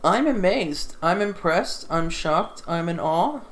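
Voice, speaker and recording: A woman's voice: on the low side, expressive, slow pace, slight background noise. A woman giving a casual, exasperated film review into a desktop USB microphone while seated at home, repeating herself and swearing. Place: sitting in a chair at home.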